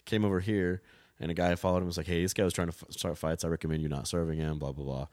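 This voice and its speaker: Man, 30s, very deep voice, dry close sound, laid-back storyteller. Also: steady tone, rapid-fire, darkish tone, no room sound. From Texas. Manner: laid-back, laughs through stories. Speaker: bartender, podcast guest. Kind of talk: casual storytelling chat.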